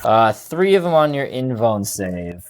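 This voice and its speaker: A man in casual banter over a tabletop wargame. He talks fast through rules and dice rolls, breaking into excited outbursts when a roll goes badly. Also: medium pitch. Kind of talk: casual battle report banter.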